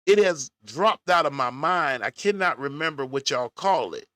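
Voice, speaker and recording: A man's voice: a little high, lively intonation, moderate pace, a bit bright, no echo, clean studio sound. A man hosting casual reaction commentary, talking folksy and straight to his viewers. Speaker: commentary host.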